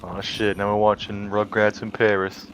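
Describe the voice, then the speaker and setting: Low flat-voiced young man, dry sound. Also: normal speed, a little hiss or hum. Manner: laid-back, short remarks. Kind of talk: casual chat.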